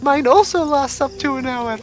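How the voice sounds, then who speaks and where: A woman playing a tabletop game, chatting casually and thinking out loud as she plans. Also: high voice, normal speed.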